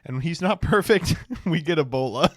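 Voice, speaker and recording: A man streaming casual commentary, reacting to clips with sarcastic, deadpan mock praise. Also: on the high side, fairly quick, a little hiss or hum.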